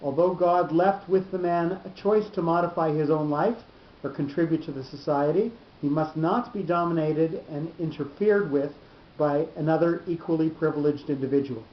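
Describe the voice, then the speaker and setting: A man teaching a Torah study class, explaining slowly and often repeating his words. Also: a little high, a little hiss or hum. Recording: roomy lo-fi class recording.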